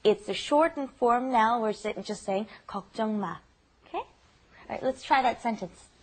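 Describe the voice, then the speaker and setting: A woman's voice: on the high side, normal speed. A woman hosting a casual language lesson, upbeat and teasing as she explains phrases. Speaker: host.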